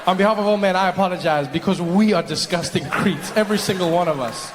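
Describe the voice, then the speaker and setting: Male comic, high and lively, performing in a big echoey theater. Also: fast talker, hardly any pauses, noisy background. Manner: animated, acts out voices. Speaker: stand-up comedian. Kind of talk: stand-up comedy. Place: large live theater. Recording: echoey hall, faint crowd.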